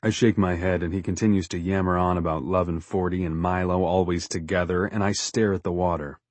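A man narrates a first-person story in a low, husky voice, with a wry edge to his delivery. The sound is close and dry, without room echo. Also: fairly even intonation, a little fast. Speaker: audiobook narrator.

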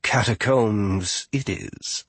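A man voicing a naive, eager young man in a storybook, high and plaintive. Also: extremely slow, a bit bright, slightly rough, dry recording, exaggerated voice. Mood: resigned.

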